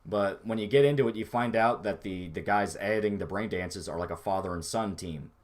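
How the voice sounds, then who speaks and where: A man's voice: low-pitched, fairly quick. A man chatting casually on a livestream, rambling and swearing freely as he reacts to his chat. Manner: rambling, profane, laid-back. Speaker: streamer reading chat.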